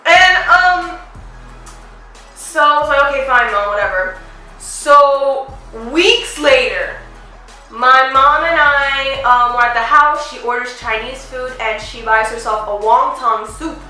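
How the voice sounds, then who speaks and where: A young woman tells family stories in a bright, high voice, laughing often and acting out what her parents said. She sits a little back from the mic in a boomy, echoey room. Faint music plays underneath. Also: takes it slowly. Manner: giggly, animated, acts out family members' lines. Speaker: vlogger telling family stories. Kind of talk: casual storytelling.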